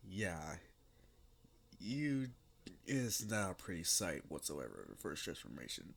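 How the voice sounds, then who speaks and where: A young man rambling through a homemade fan story, unscripted and full of fillers. His voice sits low and moves slowly, with a bright, slightly tense tone. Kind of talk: casual spoken fan fiction narration.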